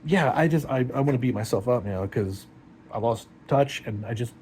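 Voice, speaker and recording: A man's voice: mid-range voice, darkish tone, slight background noise. Heartbroken man rambling to camera. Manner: rambling and halting, emotional. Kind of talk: personal confessional vlog.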